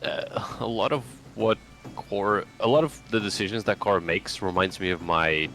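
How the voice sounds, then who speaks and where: A man with a very low voice chatting casually with a friend during a game stream. He talks in an easygoing, self-deprecating way. Faint music sits in the background. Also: normal speed, fairly bright tone. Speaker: friend in voice chat. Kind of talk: casual chat.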